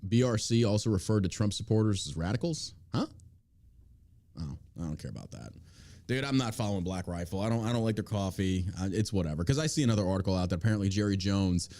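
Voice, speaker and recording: A man's voice: on the low side, animated, fast, mellow. A man hosting a podcast in casual chat, ranting in a heated, profane way from a small studio. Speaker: podcast host.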